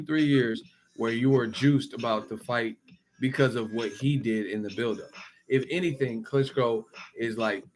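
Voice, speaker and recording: A man's voice: medium pitch, a little hiss or hum. A man hosting a boxing channel, riffing in casual, profane commentary and firing off one rhetorical question after another. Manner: animated, profane, rapid-fire rhetorical questions.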